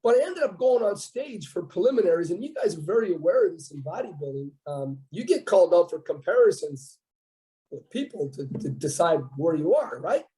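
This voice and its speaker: Canadian man in his fifties, podcast guest, animated storyteller, higher-pitched, mellow tone. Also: brisk, low-quality recording. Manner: animated storyteller acting out quoted dialogue. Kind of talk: casual storytelling interview.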